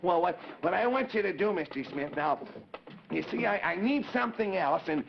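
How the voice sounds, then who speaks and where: A man's voice: sits high, lively intonation, normal speed, creaky, noisy background. A man voicing a cheerful, eager boy puppet who stammers and chatters earnestly. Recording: dull 1950s TV broadcast audio.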